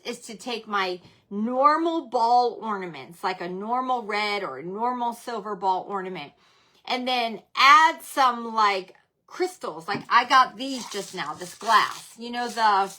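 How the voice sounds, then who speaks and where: A woman's voice: fairly high pitch, sharp tone. A middle-aged woman hosting a casual crafting livestream from home, chatting about her supplies, scolding herself for forgetting things and greeting viewers by name.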